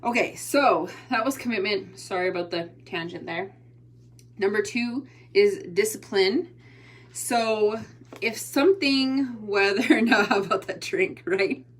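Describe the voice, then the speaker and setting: A woman's voice: medium pitch, unhurried, slightly rough. Tired, rambling woman giving a motivational chat. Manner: rambling, chatty, restarts and drifts off topic. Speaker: motivational host and online entrepreneur. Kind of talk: casual motivational livestream chat.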